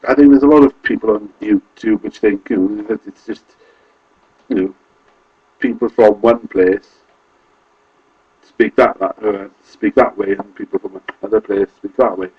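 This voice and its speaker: A man's voice: lowish voice, fairly even intonation, normal speed, pauses often, husky, highs cut off. A man from Wales with a Carmarthenshire accent, talking casually to camera in a rambling, self-correcting way. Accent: Welsh, Carmarthenshire. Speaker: vlogger.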